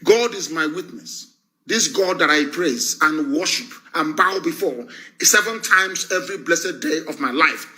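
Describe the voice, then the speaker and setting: Nigerian guy ranting on a live broadcast, high sharp voice, mocking and fired up. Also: lively intonation, measured pace. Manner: fiery, scornful, mocking, repeats phrases for emphasis. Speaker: broadcaster addressing followers. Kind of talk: impassioned live political address.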